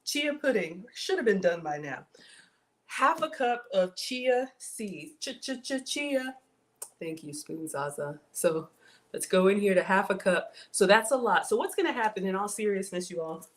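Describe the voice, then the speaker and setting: A woman's voice: mid-range voice, expressive, moderate pace. A woman hosting a casual live cooking stream, playful and theatrical, breaking into gasps and whispered asides. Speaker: home cook and live-stream host.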